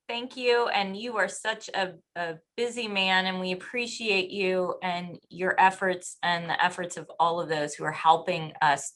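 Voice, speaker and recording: A woman interviewing a guest, measured and appreciative as she frames her questions. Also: low voice, a bit bright.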